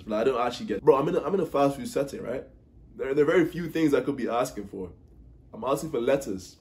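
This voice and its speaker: A man's voice: mid-range voice, expressive, brisk, a little mellow. A young British man from the UK chatting casually in a vlog, ranting animatedly with exasperated mock impressions. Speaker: vlogger.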